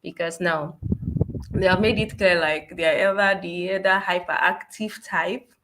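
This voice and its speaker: A woman's voice: lowish voice, steady tone, normal speed, background noise. A woman taking part in a mentoring session on a video call, explaining her view casually and saying "like" often. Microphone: video call microphone.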